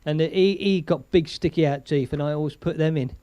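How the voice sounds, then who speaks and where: Older comedy guy rambling on his stream, highish voice, dry close sound. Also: brisk, mellow, clear, resonant tone, no echo. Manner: rambling, chuckling, thanks viewers. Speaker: comedian host. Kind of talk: chatty comedy live stream.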